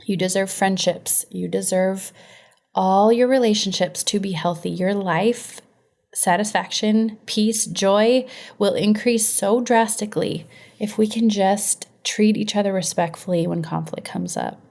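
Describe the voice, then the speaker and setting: A woman's voice: mid-range voice, a little slow, gravelly, darkish tone. A woman hosting a teaching podcast, talking emphatically and conversationally and addressing her listeners directly. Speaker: podcast host and inner-healing practitioner.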